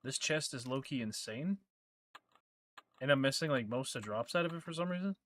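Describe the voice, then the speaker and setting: A man's voice: mid-range voice, lively intonation, brisk, fairly bright tone, a little hiss or hum. Crude, joking male game streamer. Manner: crude, joking banter with chat. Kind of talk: casual gaming stream chat.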